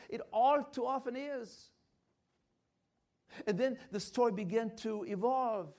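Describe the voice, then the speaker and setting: A man's voice: very high-pitched, takes it slowly, long pauses, darkish tone. An older man giving a church health lecture, emphatic and repetitive, with frequent hesitant restarts. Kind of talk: health talk at a church conference.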